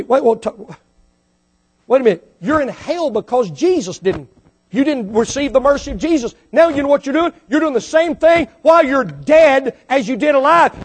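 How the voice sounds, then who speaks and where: A man with a very high voice preaches a sermon. He fires off rhetorical questions and climbs to fervent peaks, often repeating words and starting phrases over. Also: animated, fairly quick, husky. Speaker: pastor.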